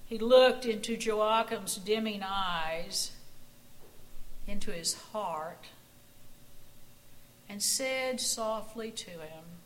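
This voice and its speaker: A woman preacher tells a story slowly and deliberately during a sermon. Her voice is mid-pitched, and she often drops it to a hushed, near whisper for dramatic effect. A faint background noise sits under her voice in the church sanctuary. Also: rough recording.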